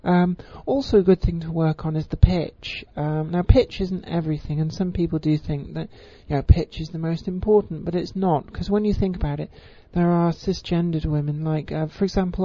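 A woman giving an informal voice tutorial, with crisp, careful enunciation and frequent ums. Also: fairly low pitch, dark tone, dry recording. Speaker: voice coach. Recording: slightly muffled lo-fi recording.

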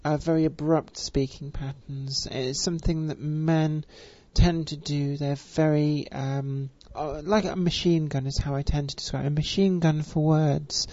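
A voice coach, speaking with deliberately stretched vowels and a careful, refined pronunciation, with frequent fillers. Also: female voice, low-pitched, steady tone, mellow, dry recording. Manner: measured, elongated vowels, many fillers. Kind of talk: spoken voice lesson. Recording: dull, dry recording.

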